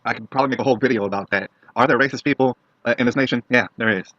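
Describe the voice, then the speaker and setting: A man's voice: mid-range voice, racing, fairly bright tone, no echo. A young man ranting bluntly to camera in a vlog, profane and opinionated, who keeps checking in with his viewers. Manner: blunt, profane, keeps asking "all right?". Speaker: vlogger. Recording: dull lo-fi dry recording.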